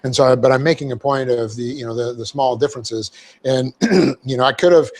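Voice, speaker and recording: A man's voice: medium pitch, fairly quick, darkish tone. A man preaching in a church, teaching a Bible verse methodically, spelling out Greek words letter by letter and often checking in with "okay?". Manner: frequent fillers and "okay?" check-ins. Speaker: pastor. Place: church sanctuary.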